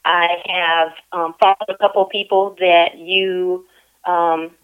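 A woman's voice: fairly low pitch, flat delivery, takes it slowly, smooth, phone-quality sound, soft background music. A woman interviewing someone over the phone, playful and teasing, laughing often.

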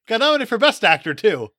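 A man's voice: high-pitched, pushed and bright, no room sound, studio quality. A man co-hosting a podcast, casual and sarcastic, laughing often and sounding a little tipsy. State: slightly tipsy. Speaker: podcast co-host. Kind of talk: casual comedic chat.

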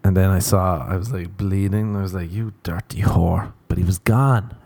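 A man's voice: sits low, fairly even intonation, fairly quick, darkish tone, no room sound. Profane rambling male podcast host. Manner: profane, rambling, self-mocking storytelling. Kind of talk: casual comedic podcast monologue.

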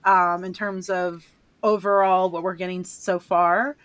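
A woman's voice: fairly low pitch, flat delivery, a little slow, no echo. Chatty woman, dry close sound. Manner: chatty, joking, frequent laughs. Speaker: podcast co-host. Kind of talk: casual podcast chat.

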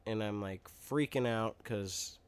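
A man's voice: lowish voice, a little slow, smooth. A man co-hosting a podcast, telling a rambling story in casual chat with playful, mock-childish exaggeration. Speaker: podcast co-host.

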